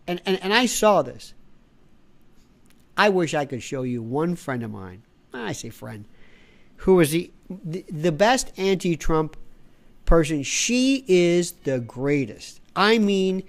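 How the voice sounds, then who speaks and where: A middle-aged woman hosting an opinionated monologue, sarcastic and animated, mocking others with put-on indignant voices. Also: fairly low pitch, measured pace. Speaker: podcast host.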